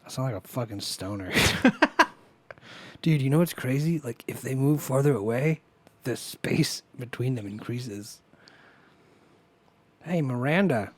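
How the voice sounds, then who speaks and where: A man's voice: medium pitch, unhurried, slightly rough. Male co-host, casual chat, enthusiastic and profane. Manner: excited, swearing, nerding out. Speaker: podcast co-host.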